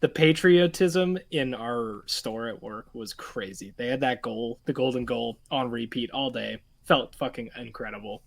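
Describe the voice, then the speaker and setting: A man's voice: mid-range voice, a little slow, gravelly, hardly any pauses. A young man, co-hosting a podcast in loose, profane casual chat and laughing often. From Canada. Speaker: podcast co-host.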